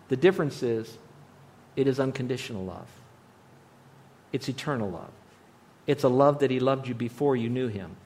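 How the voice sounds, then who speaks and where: A man giving a radio Bible teaching in an earnest, conversational way, often dropping to a softer voice. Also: mid-range voice, a little hiss or hum. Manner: earnest, conversational, with frequent soft drops in volume.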